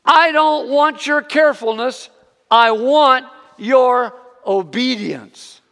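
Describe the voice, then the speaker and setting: A man voicing an alarmed woman missionary who firmly scolds a neighbor boy, shouting and urgent. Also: very high voice, slow, gravelly, big-room sound, pitched above the performer's own voice, exaggerated voice.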